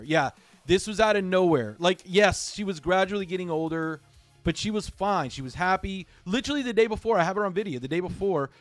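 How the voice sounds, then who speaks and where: A middle-aged man hosting a game livestream, talking casually, halting and repeating himself as he speaks from the heart. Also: high-pitched, lively intonation, no room sound, faint music behind. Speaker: livestream gamer host.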